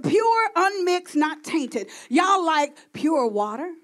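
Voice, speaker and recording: A woman preaching a sermon to a congregation, calling out to the crowd and building to shouts. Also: very high-pitched, expressive, slow pace, few pauses. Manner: call-and-response preaching, rising to shouting.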